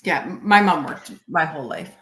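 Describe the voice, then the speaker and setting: A woman's voice: deep voice, normal speed, a bit bright. Podcast host, woman in her forties, opinionated and emphatic, recorded in an echoey room. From Canada. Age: 40s. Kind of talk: casual podcast conversation.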